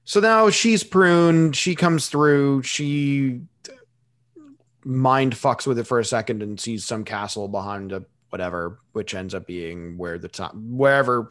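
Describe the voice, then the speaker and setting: A man's voice: fairly low pitch, a little slow, fairly bright tone. Sarcastic man, podcast chat. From Boston area. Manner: offhand, sarcastic, swears casually. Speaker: podcast co-host.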